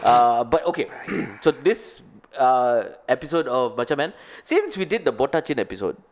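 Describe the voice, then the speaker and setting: Bantering Malaysian man, lively voice. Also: medium pitch. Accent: Malaysian English. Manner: bantering, teasing, quick comebacks. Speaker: podcast co-host. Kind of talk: casual comedic chat.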